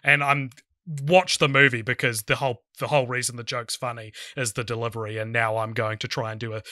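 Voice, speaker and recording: Very bright-voiced laughing podcast co-host. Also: male voice, mid-range voice, little pitch movement, brisk, no room sound, studio quality. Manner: laughs often, restless restarts, swings from loud to quiet. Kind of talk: casual film chat.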